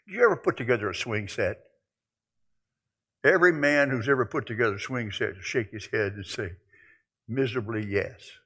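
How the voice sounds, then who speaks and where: An older man preaching a sermon, telling folksy stories and moving between quiet musing and loud exclaiming. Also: medium pitch, normal speed, pauses often, husky. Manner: folksy storytelling.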